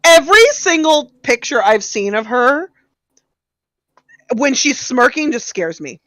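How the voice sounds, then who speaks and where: A woman co-hosting a casual chat, excitable and gushing, laughing often. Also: high-pitched, unhurried, no echo. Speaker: co-host.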